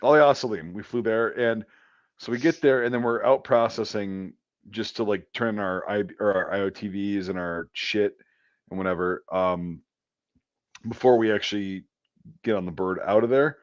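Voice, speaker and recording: A man's voice: lowish voice, no echo. A man hosting a casual chat from home over an online call, telling a long anecdote in a rambling, profane way full of fillers. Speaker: podcast host. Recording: dull, dry lo-fi call audio.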